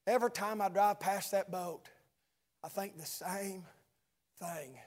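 A man's voice: sits high, measured pace. A man preaching a sermon in church, building with repeated phrases and asides to the congregation.

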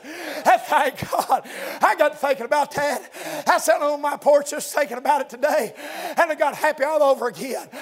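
A man preaching a fiery revival sermon, shouting and drawling, dropping an amen after nearly every line. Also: extremely high pitch. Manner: shouting, drawling, dialectal grammar, constant amens.

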